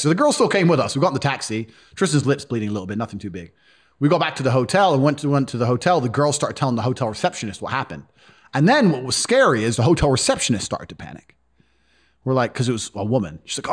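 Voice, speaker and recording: Fast-talking, blunt, profane storyteller man. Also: medium pitch, sing-song. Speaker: guest telling a story. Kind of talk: animated storytelling in conversation.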